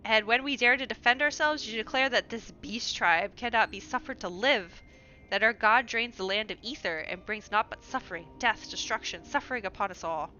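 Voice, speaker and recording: A woman's voice: fairly high pitch, normal speed, bright, forceful tone, dull audio. A woman playing a stern old kobold patriarch. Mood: bitter. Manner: commanding, declamatory.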